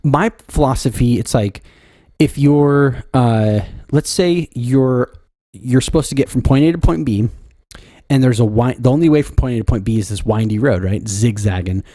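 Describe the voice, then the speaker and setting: A man's voice: medium pitch, moderate pace, dark tone, no room sound, clean studio sound. A man co-hosting a podcast, rambling in casual chat and making fun of how he says words. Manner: rambling, self-conscious about his pronunciation. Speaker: podcast co-host.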